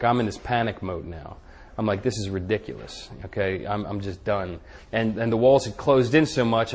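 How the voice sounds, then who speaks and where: A middle-aged man telling his personal recovery story to a live audience, candid and conversational, his voice dropping quiet and low when he recalls his own thoughts. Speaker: speaker giving a recovery testimony.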